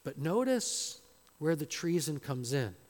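A man preaching an expository sermon in a church, slow and emphatic, building to loud dramatic quotations. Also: fairly high pitch, very animated. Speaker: pastor. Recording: long hall reverb.

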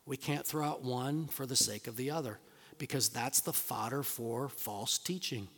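A pastor delivers a sermon in his church, reading passages of scripture and building toward forceful, climbing outbursts. He speaks at a moderate pace in a husky, medium-pitched voice with a fairly bright tone, and the big sanctuary leaves a lengthy echo on the sound.

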